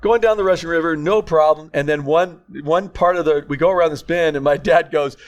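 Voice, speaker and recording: An older man, a grandfather, telling rambling family stories in casual chat and acting out quotes loudly. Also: fairly high pitch, fairly quick. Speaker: podcast co-host.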